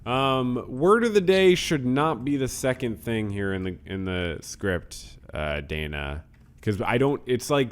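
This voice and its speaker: A man hosting a podcast in a casual, rambling way, reading out supporter names and news, often trailing off into self-deprecating mutters. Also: mid-range voice. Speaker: podcast host.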